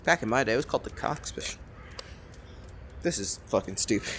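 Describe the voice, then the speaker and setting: A man giving let's-play commentary, rambling and excitable, swearing often and talking to himself as he plays. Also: mid-range voice, fairly quick, slight background noise. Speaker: gamer playing a cooking game.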